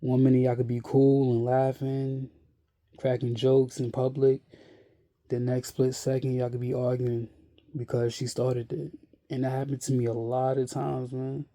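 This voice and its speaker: A weary man talks to camera at a slow crawl, his voice gravelly and very dark. His delivery is flat and halting, full of restarts and blunt swearing. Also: mid-range voice. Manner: blunt and profane. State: weary and worn out. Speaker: vlogger. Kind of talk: casual monologue to camera.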